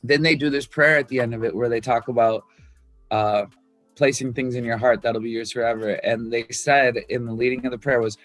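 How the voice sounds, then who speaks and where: A man's voice: mid-range voice, steady tone, a little fast, fairly bright tone, dry recording, faint music behind. A man talking about writing his album, loose and candid, swearing freely and full of fillers. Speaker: musician discussing his album. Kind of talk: casual talk about songwriting.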